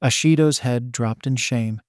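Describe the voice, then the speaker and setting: A man narrates fan fiction in a steady, plain reading voice and keeps the swearing in. His pitch sits in an ordinary middle range. The sound is dry and close, with no room around it. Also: unhurried, dry recording. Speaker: story narrator.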